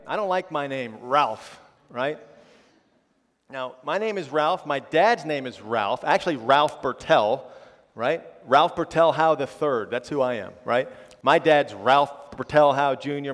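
A middle-aged man preaching a conversational sermon, often tagging a questioning "right?" onto his sentences with self-deprecating humor. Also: medium pitch. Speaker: pastor. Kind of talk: conversational sermon with personal stories. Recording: long reverb of a large hall.

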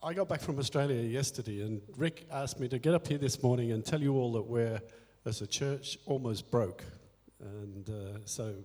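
In an echoey church hall with faint music, a male church elder tells a candid personal story of faith during a service, quoting his inner dialogue and poking fun at himself. He speaks in a mellow, medium-pitched voice at normal speed with few pauses.

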